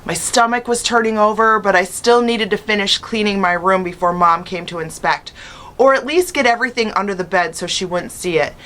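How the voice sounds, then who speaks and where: A woman teacher reading a children's chapter book aloud with expressive first-person narration. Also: medium pitch, brisk. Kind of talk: storybook read-aloud.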